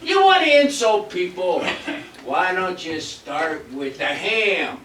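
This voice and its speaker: A man's voice: high voice, sing-song, slow, heavily acted. A man acting a brash, insulting theatre producer in a stage comedy, recorded from far off in an echoey hall. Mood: bullying. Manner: gruff, loud and insulting. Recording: echoey stage from a distant mic, faint hiss.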